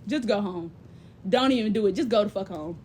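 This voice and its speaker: A young woman giving blunt, profane, big-sister advice in casual chat, animated and often mimicking other people's voices. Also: medium pitch, brisk, a little hiss or hum. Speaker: livestream host.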